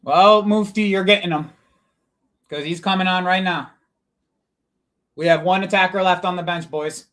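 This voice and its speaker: High-pitched dude streaming a football watch-along, swears constantly, yells at the ref, calls chat bro. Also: male voice, fairly even intonation, normal speed, long pauses. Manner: swears a lot, shouts at the referee, calls viewers boys and bro. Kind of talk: live match watch-along commentary.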